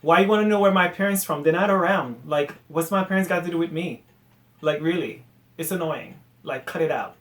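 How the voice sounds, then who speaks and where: A man, hosting a casual solo podcast rant, animated and exasperated, sometimes trailing off into muttered asides. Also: a little high, fairly quick, echoey room. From Haiti. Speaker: podcast host.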